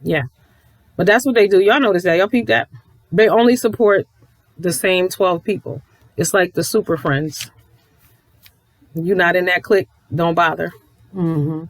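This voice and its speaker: A woman's voice: lowish voice, measured pace, long pauses, no echo. A woman YouTube commentator ranting bluntly to her viewers, swearing freely and talking to them directly. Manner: blunt, profane, sassy, addresses viewers directly.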